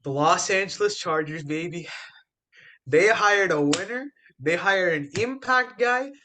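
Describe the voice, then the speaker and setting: A young man on a casual sports podcast, trash-talking rivals with big emphasis. His voice sits a bit high for a man. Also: lively intonation, unhurried, bright, forceful tone, slight background noise. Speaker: podcast co-host.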